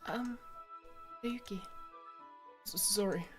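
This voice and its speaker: A woman voicing a timid, shy teenage girl in a visual novel, stammering softly and hesitantly. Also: mid-range voice, slow, faint music behind, natural voice. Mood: flustered, breathless. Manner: hesitant, stammering, soft breathy delivery. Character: timid shy teen girl, anxious and flustered. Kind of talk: voice-acting a visual novel while streaming.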